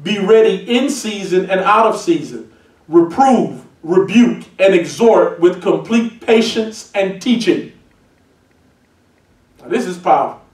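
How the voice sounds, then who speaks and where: A man preaching a sermon as a pastor, emphatic and building to shouted points. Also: high-pitched, expressive, measured pace. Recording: echoey church heard from a distance.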